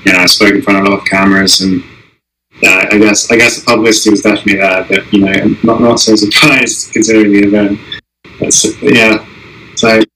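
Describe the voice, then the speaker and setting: A young man being interviewed, talking casually with many restarts and pauses. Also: on the low side, flat delivery, bright, forceful tone, a little hiss or hum, poor audio. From Israel. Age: young adult. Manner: halting, many restarts and "I mean". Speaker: guest, Olympic alpine skier.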